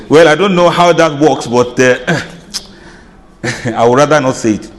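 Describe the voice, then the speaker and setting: A man's voice: fairly high pitch, slow, in a large hall. A man giving an Islamic lecture, chatty and humorous, laughing at his own asides. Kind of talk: lecture to an audience.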